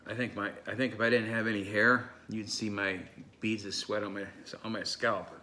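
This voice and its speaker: A man vlogging a hot sauce challenge, his voice strained and breathy, gasping and pausing as he recovers. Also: on the low side, level tone, pushed and bright. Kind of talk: casual vlog talk to camera.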